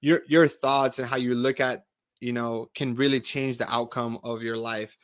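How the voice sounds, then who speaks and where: A man's voice: mid-range voice, flat delivery, normal speed, a bit bright. A man hosting an interview, talking earnestly and often repeating words as he starts a thought. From Spanish-speaking country. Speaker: podcast host. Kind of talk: conversational interview.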